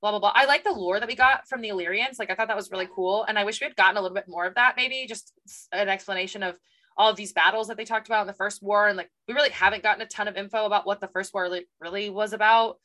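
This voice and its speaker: A young woman co-hosting a book podcast in casual chat, animated and acting out characters' lines. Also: mid-range voice, rapid-fire. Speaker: podcast co-host.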